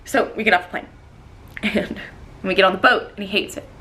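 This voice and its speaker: A woman telling a dating story in a storytime vlog, animated, profane and full of exclamations. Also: mid-range voice, a little fast, noisy background.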